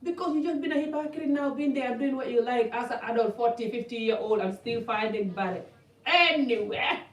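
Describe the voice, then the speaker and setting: A woman's voice: on the high side, normal speed. A woman vlogger talking passionately to camera in a blunt, rambling way, with some distance from the mic. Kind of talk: personal talk to camera. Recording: echoey room, mic at a distance.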